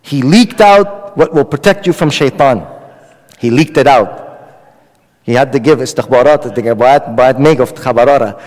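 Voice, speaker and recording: A man's voice: medium pitch, normal speed, a little mellow, big-room sound, low-quality recording. A man preaching a Ramadan night sermon, retelling a story with dialogue. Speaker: Islamic preacher.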